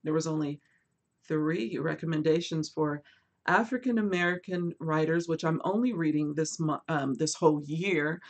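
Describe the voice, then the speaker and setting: A woman hosting a casual book livestream, chatting animatedly and reading viewer comments aloud, swinging between lively bursts and quiet asides. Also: low-pitched, normal speed. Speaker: booktube host.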